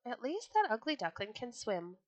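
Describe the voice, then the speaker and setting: A woman's voice: on the high side, sing-song, moderate pace, no room sound. A woman doing a fussy mother duck. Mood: motherly.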